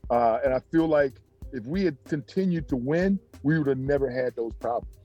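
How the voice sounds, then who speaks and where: A former professional basketball player recounts stories casually in an interview, animated and jumping in pitch as he voices others. He talks at normal speed, the highs are cut off, and soft music plays in the background.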